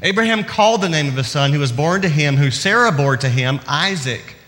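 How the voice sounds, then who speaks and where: A man preaching a sermon, reading scripture and stories with expressive, emphatic delivery and dramatic pauses. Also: on the high side. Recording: long hall reverb.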